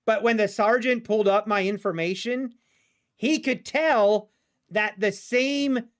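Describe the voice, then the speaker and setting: A man hosting a live trading stream, telling a rambling personal anecdote in a casual, animated way with frequent restarts. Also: sits high, a little slow. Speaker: livestream day-trading host.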